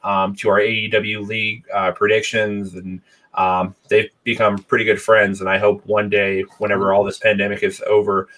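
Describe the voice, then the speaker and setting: Low-voiced man hosting a casual podcast. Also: monotone, moderate pace, fairly bright tone, far from the mic, low-quality recording. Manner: rambling, many ums and restarts. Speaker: podcast host.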